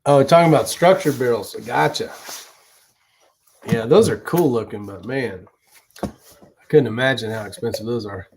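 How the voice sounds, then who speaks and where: A man's voice: medium pitch, normal speed, long pauses, a little mellow, slight background noise. A man hosting a casual live stream, chatting loosely, greeting viewers and answering their questions. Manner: chatty, rambling, swears casually. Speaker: livestream host. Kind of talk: casual live chat reading viewer comments.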